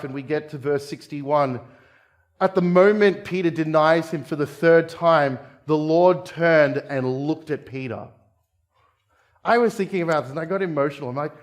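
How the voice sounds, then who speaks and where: An Australian man preaching a sermon in church, talking earnestly and conversationally to his listeners as guys and friends. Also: fairly high pitch.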